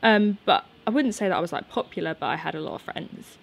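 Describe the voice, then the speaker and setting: A woman's voice: lowish voice, animated, quick pace, vocal fry, slightly rough. A young woman in her twenties, a vlogger chatting casually and nervously in her garden, laughing often. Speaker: YouTuber answering viewer questions. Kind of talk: casual unscripted chat.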